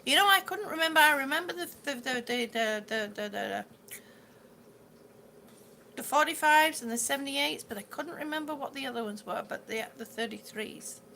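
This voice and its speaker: High, gravelly woman chatting to viewers live. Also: lively intonation, moderate pace, pushed and bright, slight background noise. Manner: chatty, repeats herself, loses words and laughs it off. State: ringing in the ears, yawning, hungry. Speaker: livestream host reading viewer comments. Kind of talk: casual live chat with viewers.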